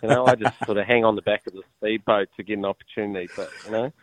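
A man's voice: fairly low pitch, fairly even intonation, rapid-fire, no echo, poor audio. A man with a New Zealand accent, a show regular calling in from abroad, chatting in a laid-back, matey way. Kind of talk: casual chat.

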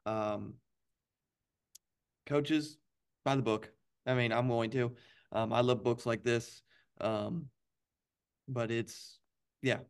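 A man hosting a podcast for coaches, wrapping up with halting, filler-heavy remarks. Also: mid-range voice, fairly even intonation, creaky, smooth. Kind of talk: casual podcast chat.

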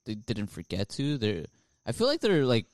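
A man's voice: medium pitch, wildly swooping pitch, normal speed, dry recording. A man co-hosting a podcast in laid-back, agreeable casual chat. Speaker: podcast co-host.

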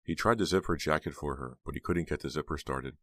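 Male audiobook narrator, very deep, dry close-miked sound. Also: no room sound. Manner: steady, measured reading.

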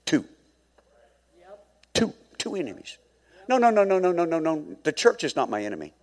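A middle-aged male pastor preaching a sermon, swinging from hushed asides to fervent shouting. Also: on the high side, big pitch swings, normal speed, long reverb tail.

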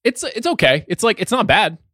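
Guy hosting a movie podcast, calm and measured, dry close mic. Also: high-pitched, slightly rough, dry recording. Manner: measured, leading the discussion. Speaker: podcast host. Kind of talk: casual film-review chat.

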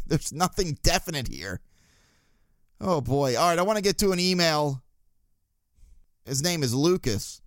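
A man's voice: fairly high pitch, animated, a little slow, long pauses, dry recording, studio quality. A man hosting a casual sports podcast, blunt and swearing, with chuckling asides. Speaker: podcast host.

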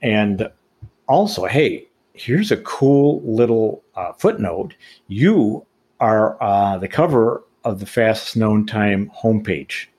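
A man's voice: lowish voice, expressive, takes it slowly, darkish tone, breathy edge. An older man hosting an interview, asking rambling, stammering questions. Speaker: podcast host, interviewer. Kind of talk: casual interview conversation.

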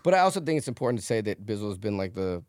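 A man co-hosting a casual podcast chat, with quick joking asides. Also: fairly low pitch, very animated, a little mellow, no room sound, clean studio sound.

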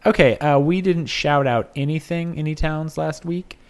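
A podcast co-host in casual chat who laughs often and talks quickly. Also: medium pitch.

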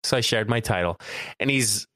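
A man chatting casually on a podcast, telling a story with lively acted-out quotes. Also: on the low side, normal speed, no room sound, studio quality. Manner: animated, acts out quoted voices. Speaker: podcast co-host, campus photographer.

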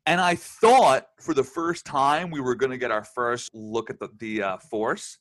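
A man's voice: mid-range voice, a little slow, a bit bright. A man co-hosting a casual review podcast, easygoing and enthusiastic. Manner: easygoing, enthusiastic, laughs often. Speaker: podcast co-host reviewing a TV episode. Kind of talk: casual chat.

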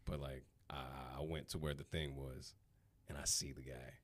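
A man's voice: rumbling low, fairly even intonation, fairly quick. A man on a podcast casually telling a profane story, laughing and acting out the people in it. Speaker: podcast co-host.

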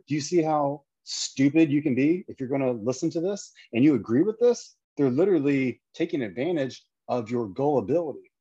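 A man's voice: medium pitch, mellow, breathy edge, no echo, lo-fi sound. A man giving an indignant, lecturing commentary full of rhetorical questions. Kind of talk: opinionated commentary video.

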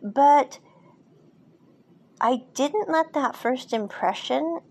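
A woman's voice: high voice, animated, drawn-out words, darkish tone. A woman podcast host recapping and reviewing a drama in a chatty, casual way, laughing now and then with frequent asides. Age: adult, parent.

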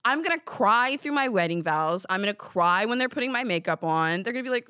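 A woman's voice: on the high side, animated, fairly quick, few pauses, pushed and bright, smooth, dry recording. A young woman hosting a podcast in a studio, chatting casually in a rambling, giggly, self-deprecating way. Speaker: podcast host. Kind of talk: casual chat.

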